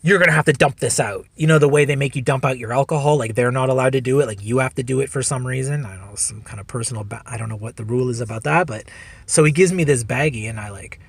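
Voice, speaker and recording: A man's voice: mid-range voice, fast talker, creaky, breathy edge, no echo. A male stand-up comedian hosting a solo podcast, telling a rambling, profane story. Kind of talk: casual storytelling.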